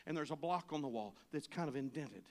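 A man preaching a sermon as pastor, telling a travel story and rising to shouted, pleading appeals. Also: on the high side, lively intonation, fairly quick.

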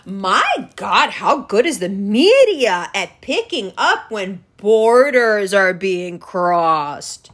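A woman's voice: medium pitch, sing-song, slow, hardly any pauses, a bit bright. A woman hosting a solo podcast, ranting in a heated, sarcastic and profane way. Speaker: podcast host.

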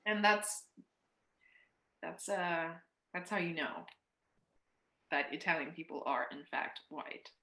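A woman's voice: low voice, takes it slowly, pauses often, bright, forceful tone. A young woman co-hosting a podcast, trading dry, joking remarks in casual chat. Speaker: podcast co-host. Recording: roomy echo.

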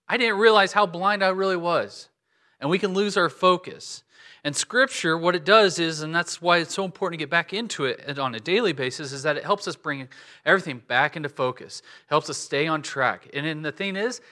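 A man in his forties delivers a sermon, his voice pitched a little high and bright. He tells stories in an animated way, jumping up in pitch and volume when he acts out what people said. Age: 40s. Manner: animated storytelling, acts out quotes with big swings in pitch and volume. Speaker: pastor. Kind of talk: sermon with a personal story.

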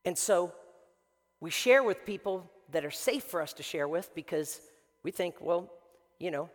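Guy pastor preaching, high voice, chatty and emphatic, big echoey church hall. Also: measured pace. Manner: animated, conversational, emphatic with frequent restarts. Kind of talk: sermon. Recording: long reverb in a large hall.

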